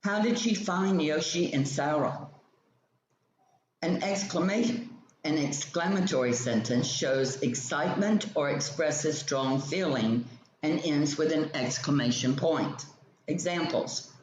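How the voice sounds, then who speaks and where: Slow, methodical male grammar teacher. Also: on the high side. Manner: slow, methodical explanation with example sentences. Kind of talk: reading a grammar textbook lesson aloud. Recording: roomy, dull lo-fi sound with faint ambient noise.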